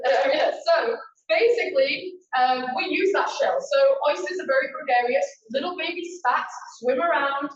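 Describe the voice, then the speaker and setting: A woman giving a casual, upbeat presentation to a meeting audience, chatting and quizzing them as she goes. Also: high voice. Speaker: guest presenter. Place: meeting room. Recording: echoey room, far-off dull mic.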